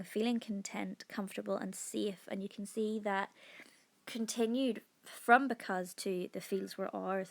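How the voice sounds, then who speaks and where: A woman teaching a lesson analysing a poem, explaining step by step with frequent pauses and fillers. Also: mid-range voice, vocal fry. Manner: explanatory, with frequent ums and restarts. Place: recorded over an iPad whiteboard presentation.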